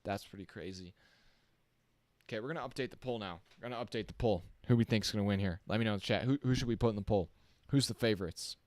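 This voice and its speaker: Excitable man calling a race live. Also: fairly low pitch, fast talker, no room sound. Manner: excitable, reacts on the fly, chats to viewers. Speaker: live-stream race commentator. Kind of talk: casual live-stream race commentary.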